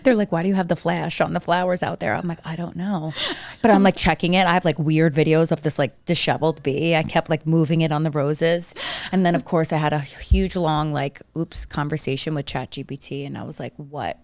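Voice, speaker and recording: A young woman co-hosts a casual podcast chat in a low, gravelly voice. She tells stories with lots of filler words and acts out what others said. The recording is dry and close. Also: fairly quick, no room sound. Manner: animated storytelling, acts out quoted voices, many likes. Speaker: podcast co-host.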